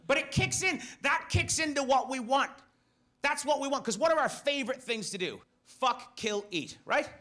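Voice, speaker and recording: A man with a British accent doing a stand-up comedy set, animated and profane, breaking into shouted inner voices. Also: extremely high pitch, moderate pace, a little hiss or hum. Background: audience laughter.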